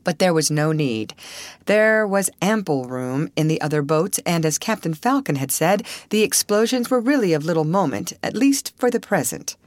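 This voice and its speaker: A woman narrating a vintage novel aloud in a measured, expressive storytelling manner. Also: fairly low pitch, dry recording. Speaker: audiobook narrator.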